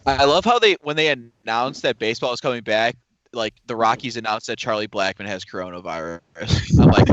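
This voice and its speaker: A man's voice: mid-range voice, expressive, fairly quick, fairly bright tone, lo-fi sound, a little hiss or hum. A man co-hosting a podcast, chatting casually about sports in a rambling, joking way. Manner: rambling, jokey, slips into impressions. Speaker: podcast co-host.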